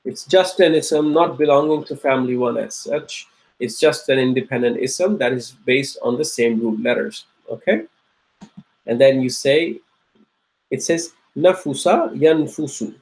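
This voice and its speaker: A man's voice: medium pitch, a little mellow, rough recording. A man teaching an Arabic grammar lecture, repeating each word and checking in with his students. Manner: repeats words slowly, asks checking questions. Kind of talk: classroom lecture.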